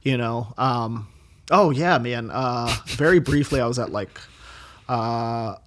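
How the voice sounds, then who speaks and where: A man in his thirties, a chef guest on a podcast, talking casually and rambling with many fillers and quick laughs. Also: mid-range voice, fairly bright tone. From United States.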